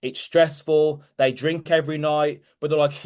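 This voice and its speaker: Emphatic man, slightly high voice. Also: fairly even intonation, a little fast, hardly any pauses. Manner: direct, emphatic, repeats key phrases. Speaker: motivational coach hosting a group call. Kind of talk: motivational talk on a call.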